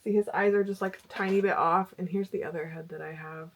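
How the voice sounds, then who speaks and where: A woman's voice: lowish voice, steady tone, fast talker. A middle-aged woman vlogging about crochet in a chatty, rambling way with fillers. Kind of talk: casual chat.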